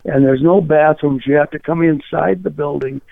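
Gravelly flustered man on a phone line. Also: a little high, fairly even intonation, normal speed, dry recording. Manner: flustered, defensive. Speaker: prank call target. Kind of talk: phone call. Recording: dry tinny phone line.

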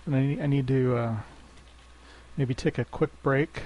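A man's voice: medium pitch, fairly even intonation, normal speed, dark tone, rough recording. A man hosting prank calls, chatting in a crude, joking way and laughing easily. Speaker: prank call host. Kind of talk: casual prank call banter.

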